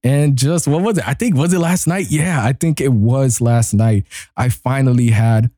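A male podcast host telling a story in casual, slangy talk. He laughs often and jumps into high, excited voices when he acts out his own reactions. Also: normal speed, no room sound, clean studio sound. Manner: slangy and loose. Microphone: desk mic he bumps.

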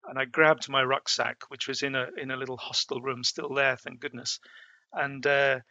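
A man's voice: medium pitch, level tone, normal speed, sharp tone, no room sound. A middle-aged man recounting his past travels as an interview guest, with frequent fillers and restarts. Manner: hesitant, many fillers and restarts. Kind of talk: storytelling in a conversation.

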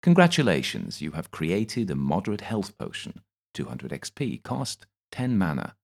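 A man reading out a neutral game system message in an audiobook, in a flat announcing way. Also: low-pitched, moderate pace, vocal fry, husky, voice pushed up, full character voice.

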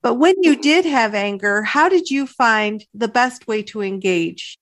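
A woman's voice: fairly high pitch, animated, a little slow. A woman hosting a casual interview, affirming and encouraging her guest. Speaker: podcast host.

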